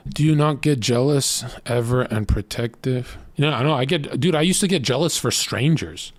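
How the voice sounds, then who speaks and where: A man streamer ranting casual dating advice, blunt and profane, telling stories with animated voices. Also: medium pitch, measured pace, no echo.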